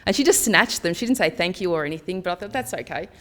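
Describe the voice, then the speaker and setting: A woman's voice: lowish voice, lively intonation, quick pace. A woman giving a candid conference talk, chatty and acting out dialogue as she tells personal stories. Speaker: conference speaker. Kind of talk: personal storytelling presentation.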